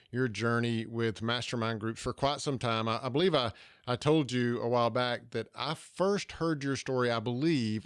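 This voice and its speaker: A man's voice: medium pitch, clean tone, no echo, studio quality. A man with a Southern US accent from Georgia, hosting a podcast interview in an earnest way and often restarting his phrases. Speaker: podcast host.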